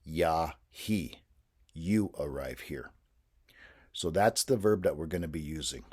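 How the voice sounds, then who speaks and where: Deep-voiced man, patient teacher trainer, steady explanatory delivery. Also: normal speed, slightly rough. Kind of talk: instructional explanation.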